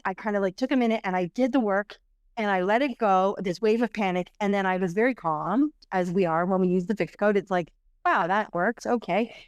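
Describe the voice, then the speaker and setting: A middle-aged woman, a podcast guest, telling a personal story in an animated, rambling way, full of restarts and fillers. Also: fairly high pitch, clear, resonant tone, dry recording, clean studio sound.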